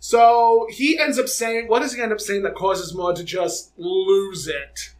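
A young adult man co-hosting a podcast, telling a personal story in a dramatic, animated way in casual chat. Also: sits high, measured pace, rough recording. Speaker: podcast co-host.

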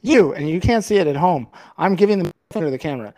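A man's voice: on the high side, lively intonation, fast talker, warm tone. A man co-hosting a podcast, ranting in a heated, swear-filled casual talk on a filmed set. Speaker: podcast co-host.

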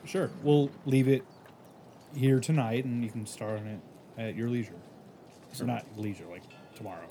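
A man's voice: mid-range voice, normal speed, long pauses, dark tone, a little hiss or hum. A man playing a tabletop game, chatting casually and cracking dry jokes. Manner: wisecracking, dry quips. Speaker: player.

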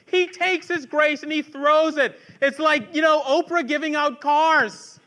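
A man's voice: very high voice, measured pace, hardly any pauses, sharp tone. A man preaching a sermon as pastor, conversational with asides to the congregation, building to fervent rhetorical questions.

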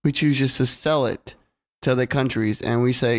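A man's voice: mid-range voice, steady tone, normal speed. Laid-back man chatting on a podcast. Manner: laid-back, swears freely, lots of fillers. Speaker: podcast co-host. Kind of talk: casual chat. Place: California home recording.

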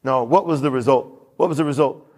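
A man's voice: mid-range voice, fast talker, darkish tone. A man preaching a sermon as pastor in a church, emphatic and given to repeating his lines and reading scripture aloud.

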